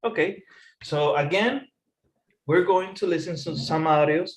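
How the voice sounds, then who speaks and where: A man's voice: on the high side, a little slow. A man teaching an English lesson, patiently repeating phrases and explaining rising intonation. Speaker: English tutor.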